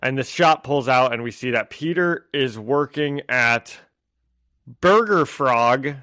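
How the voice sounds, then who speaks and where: A man's voice: medium pitch, expressive, takes it slowly, pushed and bright, dry recording, studio quality. A man co-hosting a podcast, recapping comic scenes at length with frequent laughter. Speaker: podcast co-host. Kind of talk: casual comic book discussion.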